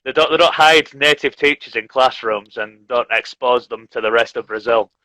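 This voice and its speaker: A man's voice: medium pitch, normal speed, sharp tone, dry recording, low-quality recording. A man from Leeds, a teacher chatting casually and laughing often on a live stream. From Leeds, England. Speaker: English teacher, host. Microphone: video call.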